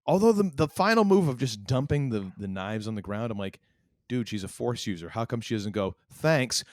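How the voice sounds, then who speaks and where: A man co-hosting a podcast, chatting casually in a rambling, animated way. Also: medium pitch, dry recording, clean studio sound. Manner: rambling, animated, quick laughs. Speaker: podcast co-host. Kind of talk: casual chat.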